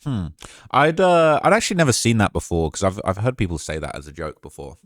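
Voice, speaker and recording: Fast-talking deep-voiced man reacting. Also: wildly swooping pitch, no room sound, clean studio sound. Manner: fast, casual, talks over quotes with quick asides. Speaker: commentary channel host. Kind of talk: reading and reacting to chat messages.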